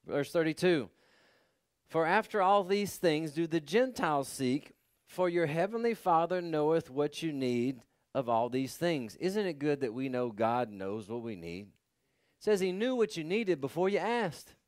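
A man's voice: on the high side, expressive, measured pace, a little mellow, no echo, clean studio sound. A man pastor preaching a sermon, building emphasis and calling for responses from the congregation.

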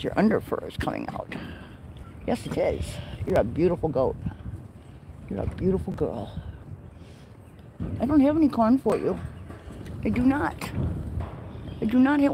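A woman's voice: on the low side, mellow, a little hiss or hum, rough recording. A woman livestreaming from an outdoor farm pen, cooing baby talk to her goats and chicks in a casual way. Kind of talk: casual chat to farm animals.

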